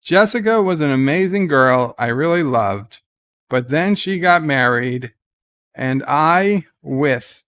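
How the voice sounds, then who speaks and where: A man's voice: on the high side, animated, slow, a bit bright, clear, resonant tone, no room sound. A man hosting a casual livestream, reading viewer comments aloud and rambling on irreverently with plenty of fillers. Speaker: livestream host.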